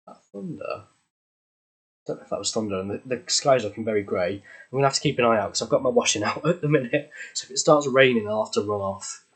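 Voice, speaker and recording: A man's voice: mid-range voice, fast, slightly rough. A young man casually talking over his gameplay footage, rambling and self-deprecating, easily losing his train of thought. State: out of breath. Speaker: gaming channel creator.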